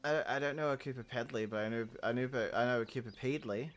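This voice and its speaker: A man's voice: mid-range voice, quick pace. A young Australian man chatting casually on a game stream, rambling and giggling as he answers chat. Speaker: gaming streamer.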